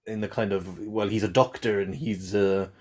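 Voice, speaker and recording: A man in a casual film chat, measured and hedging with fillers. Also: on the low side, fairly even intonation. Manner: measured, hedging with 'like' and 'kind of'.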